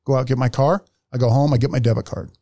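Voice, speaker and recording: Blunt, animated male storyteller. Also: mid-range voice, fast, dry recording, clean studio sound. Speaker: podcast co-host. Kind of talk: casual storytelling chat.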